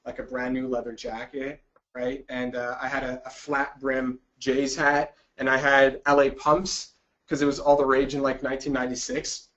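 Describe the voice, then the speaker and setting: A man, presenting a webinar and telling a personal story in an animated way, acting out his own reactions. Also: mid-range voice. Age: 30s. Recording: dull lo-fi webinar audio.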